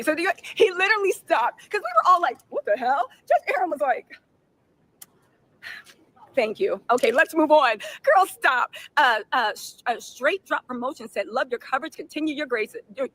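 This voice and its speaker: A woman hosting a live reaction stream, giving sassy, animated commentary and reading out viewer messages. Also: sits high, low-quality recording. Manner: sassy, fast-talking, mimics people she describes. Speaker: livestream host reacting to trial news.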